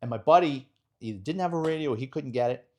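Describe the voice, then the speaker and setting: A man's voice: mid-range voice, fast talker. Blunt New man telling a story. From New York. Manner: animated, blunt, profane storyteller who acts out dialogue. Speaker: retired police detective, guest. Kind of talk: storytelling in a podcast interview.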